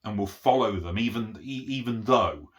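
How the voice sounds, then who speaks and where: A middle-aged man talks in one unscripted take, teaching a concept step by step. His voice sits low yet has a bright, forceful edge. He keeps stopping to ask "okay?" and often restarts his sentences as he thinks aloud. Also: animated, normal speed. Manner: explanatory, repeats "okay?" to check understanding; frequent restarts and fillers. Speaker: autism educator.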